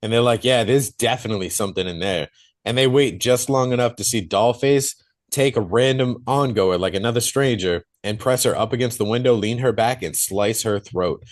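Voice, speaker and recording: A man co-hosting a podcast, casually retelling a movie plot in animated detail and swearing freely. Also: mid-range voice, moderate pace. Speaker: podcast co-host reviewing a film.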